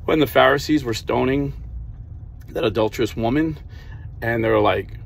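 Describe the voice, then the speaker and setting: Gravelly earnest man preaching. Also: medium pitch, normal speed, pauses often, a little hiss or hum. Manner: earnest, storytelling, plain everyday speech. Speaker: Catholic video host. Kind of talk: preaching to camera.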